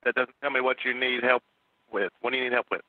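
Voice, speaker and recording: A man's voice: mid-range voice, fairly even intonation, fast, no room sound. A man working as a police dispatcher, curt and exasperated with the caller. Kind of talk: phone call. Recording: tinny phone line.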